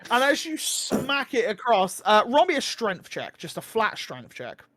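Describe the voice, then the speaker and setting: A man's voice: high voice, wildly swooping pitch, measured pace, a bit bright, no echo. A man narrating a tabletop game as its dungeon master, casual, with many fillers.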